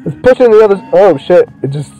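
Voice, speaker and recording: Excitable, foul-mouthed young gamer guy. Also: high voice, fast, dull audio, soft background music. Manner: profane, excitable, swears constantly. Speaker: gameplay streamer. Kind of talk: let's play commentary.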